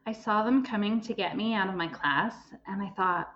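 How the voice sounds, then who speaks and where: A woman hosting her own podcast, telling a personal story with emotion and plenty of pauses and ums. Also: mid-range voice, fairly bright tone, highs cut off. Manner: emotional, pausing, many ums. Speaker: podcast host and life coach.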